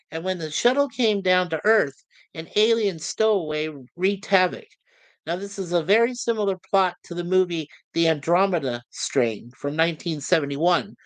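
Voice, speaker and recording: A man's voice: fairly high pitch, a bit bright, dry recording. A man hosting a casual livestream review of a TV series, chuckling as he reads out chat messages between trivia. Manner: friendly, chuckling, reads chat messages aloud with filler pauses. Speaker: podcast host reviewing a TV series.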